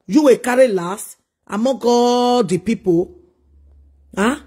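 A man's voice: extremely high pitch, measured pace, warm tone, slightly rough. A man with a Nigerian accent delivering a preachy, scolding monologue full of repeated rhetorical questions. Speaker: social media commentator.

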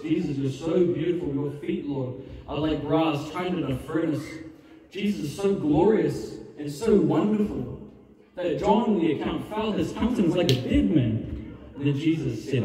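A man preaching an evangelist's sermon with passion, building to a fervent altar call and prayer. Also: mid-range voice. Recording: roomy hall reverb, distant mic. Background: music under the preaching.

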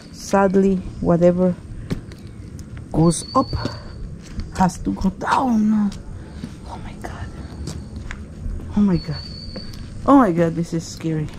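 A woman's voice: fairly low pitch, creaky, noisy background. A woman travel vlogger giving nervous running commentary to viewers outdoors on a ruin while climbing, recorded on an action camera, with many exclamations. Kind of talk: handheld travel vlog commentary.

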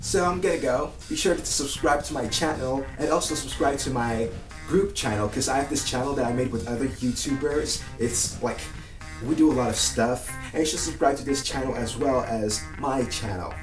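A young man talking casually to his viewers in a relaxed, chatty way. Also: medium pitch, moderate pace. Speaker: YouTuber. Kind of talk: casual vlog talk. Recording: echoey room, mic at a distance, faint music.

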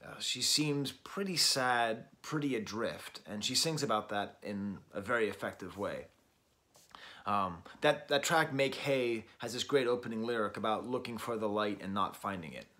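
A man's voice: fairly low pitch, normal speed, sharp tone. A man hosting a casual album review from home, talking while working out, hesitant and full of ums and small chuckles. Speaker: host and record reviewer.

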